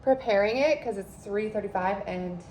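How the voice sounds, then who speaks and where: A woman in her thirties chatting casually to her phone camera in a vlog, expressive and talkative. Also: mid-range voice, moderate pace, a little hiss or hum. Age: 30s. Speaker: vlogger.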